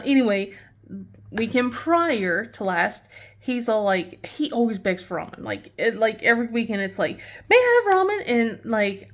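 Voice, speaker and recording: A woman chatting casually as a craft channel host, rambling and laughing often. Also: a little high. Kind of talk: casual chat while crafting.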